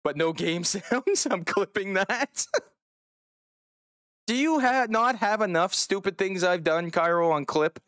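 A man's voice: high-pitched, unhurried, hardly any pauses, a bit bright, dry recording, studio quality. A man streaming a game live, chatting casually with his viewers, joking and swearing now and then. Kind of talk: casual live-stream chat while gaming.

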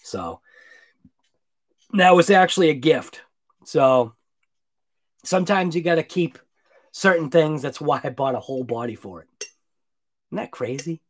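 A tired man hosting a late-night live stream, rambling casually and trailing off quietly. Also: a little high, measured pace, pauses often. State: sleepy. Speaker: RC hobby channel host.

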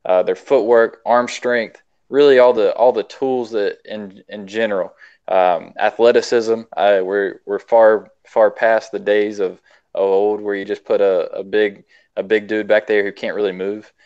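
This is a man with a low, smooth, resonant voice. He gives a measured interview answer and lists his points with filler words. The recording sounds dull and lo-fi. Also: steady tone, darkish tone. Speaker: assistant baseball coach. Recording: dull lo-fi audio.

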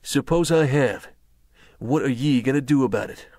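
Male narrator putting on a crabbed old drunk hunter, gruff slurred drawl, dry close sound, storybook read. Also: mid-range voice, moderate pace, a little mellow, no echo, close to an everyday voice. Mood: drunken, menacing.

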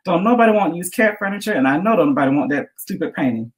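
A brash, gum-chewing woman houseguest scolds her friend bluntly, as a woman reading her story puts her on. The voice is pushed well up in pitch and loud, with sassy bite on every line. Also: expressive, quick pace, close to an everyday voice. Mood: scolding.

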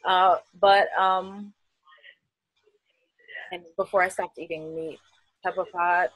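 In a relaxed video-call interview, a middle-aged festival artist guest from Queens, New York takes her time, laughing often and leaning on fillers. Her voice sits on the low side, fairly bright and slightly rough, with fairly even intonation, and the recording is dry and rough.

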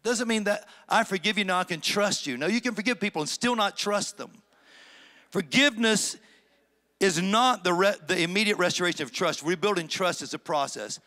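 A man preaching a sermon as pastor, swinging between loud emphatic stretches and low, conversational asides. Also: moderate pace. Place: church sanctuary.

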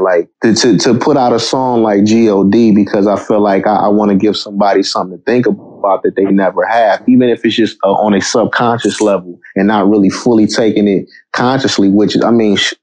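An American man, a rapper as guest, talking in a laid-back, halting way with many fillers in a casual interview. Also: on the low side, a little mellow, poor audio. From United States. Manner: laid-back, halting, often says "you know what I'm saying".

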